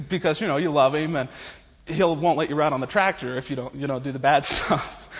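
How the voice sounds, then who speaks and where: A man's voice: a little high, a bit bright. A man preaching in a humorous, folksy way, chuckling his way through stories. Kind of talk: humorous storytelling sermon. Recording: long reverb of a large hall.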